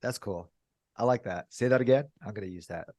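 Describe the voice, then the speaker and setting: A man co-hosting a podcast, telling stories in candid casual chat and acting out cheerful greetings in a higher voice. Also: brisk, dry recording, studio quality. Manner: animated storyteller, mimics cheerful greetings in a higher voice. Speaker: podcast co-host.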